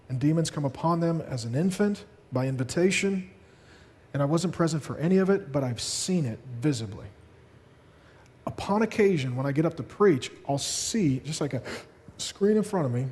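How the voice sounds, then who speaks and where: A man's voice: a little high, a little mellow, in a large hall. A man preaching a sermon, telling stories and acting out quoted dialogue. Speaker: pastor. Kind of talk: sermon to a congregation.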